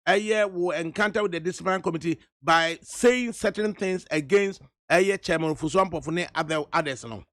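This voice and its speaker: A man's voice: high-pitched, fairly quick, few pauses, a bit bright, no echo, clean studio sound. A man with a Ghanaian accent, hosting a radio interview and pressing his guest with probing questions in Twi and English. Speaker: radio host. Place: radio studio.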